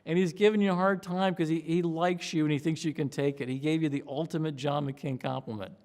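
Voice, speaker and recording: A middle-aged man in an interview, telling lively anecdotes and slipping into other people's voices as he recalls them. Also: fairly high pitch, a little fast, in a large hall. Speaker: pollster interviewee.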